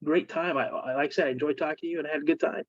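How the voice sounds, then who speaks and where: A man's voice: a little high, steady tone, dry recording. Earnest man telling a heartfelt story. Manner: earnest, emotional, halting with fillers. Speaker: guest, military veteran. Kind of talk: casual storytelling interview. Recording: dull, dry remote call audio.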